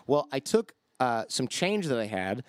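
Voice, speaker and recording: A man guesting on a podcast, telling stories in a casual, animated way and acting out the quoted voices. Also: medium pitch, measured pace, clear, resonant tone, no room sound, clean studio sound. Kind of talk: casual storytelling.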